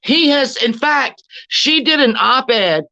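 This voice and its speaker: A woman's voice: high-pitched, expressive, takes it slowly, gravelly, pushed and bright. A woman hosting a livestream, ranting bluntly with lots of swearing and greeting viewers in the chat. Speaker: livestream host. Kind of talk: casual livestream commentary. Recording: dull lo-fi stream audio.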